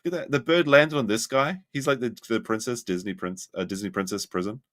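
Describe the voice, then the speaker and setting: A man hosting a livestream, reacting to clips with excitable commentary that keeps breaking into laughter and sudden shrieks. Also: lowish voice, brisk. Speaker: livestream host.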